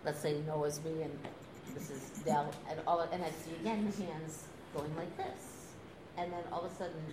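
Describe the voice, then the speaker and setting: An older woman telling a story in a relaxed, animated way, laughing now and then and acting out quoted lines. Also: low-pitched, moderate pace. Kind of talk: casual anecdote telling. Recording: echoey room with noise.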